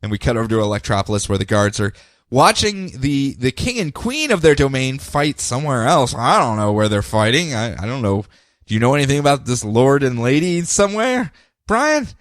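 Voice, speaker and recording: A man's voice: mid-range voice, brisk, no room sound, clean studio sound. A man co-hosting a podcast, recapping comic books in casual chat and jumping into playful character voices. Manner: animated storyteller, jumps into goofy character voices. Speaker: podcast co-host.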